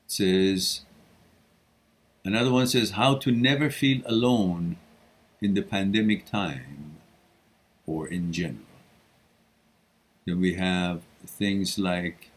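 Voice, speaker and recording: Male stream host, husky low voice, unhurried, lively swings in pitch. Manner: animated, breaks into chanting and shifts between loud and hushed. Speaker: host answering viewer questions. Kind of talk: live Q&A stream.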